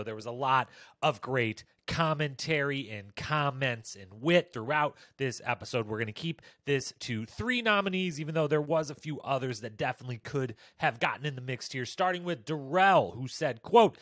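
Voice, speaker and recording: A man hosting a casual reality-show recap, talking animatedly and jumping up in pitch when he quotes people. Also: moderate pace, a bit bright, no room sound, clean studio sound. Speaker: recap podcast host. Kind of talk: casual commentary.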